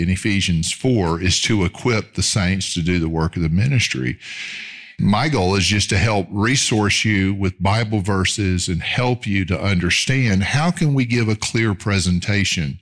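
A middle-aged male pastor preaching a sermon in an earnest, measured way, slowing down to stress key phrases. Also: lowish voice, a bit bright.

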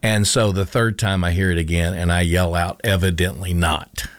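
Deep-voiced man telling his story earnestly. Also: steady tone, moderate pace, no room sound. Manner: earnest storytelling with restarts and repetition. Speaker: interview guest, former coach. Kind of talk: personal testimony in conversation.

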